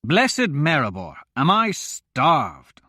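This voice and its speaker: A man's voice: high-pitched, huge pitch swings, moderate pace, bright, forceful tone, slightly rough, no echo, studio quality, voice pushed up, exaggerated voice. A man voicing a cheerful, hungry man who exclaims heartily over his food. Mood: hearty.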